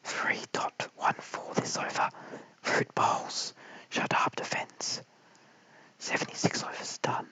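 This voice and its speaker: A man's voice: takes it slowly, no room sound, poor audio. Whispering Australian man calling cricket. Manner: hushed, apologetic, chats with viewers between balls. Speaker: live stream cricket commentator. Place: at home late at night. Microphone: held very close to the mouth.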